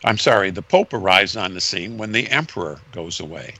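Man, low-ish and bright, lecturing guest with emphatic, sweeping delivery. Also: expressive, brisk. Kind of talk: explanatory conversation.

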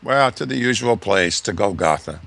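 A preacher voicing a blunt, matter-of-fact jailer. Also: male voice, fairly low pitch, expressive, moderate pace, vocal fry, fairly bright tone, no echo. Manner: blunt, plain-spoken.

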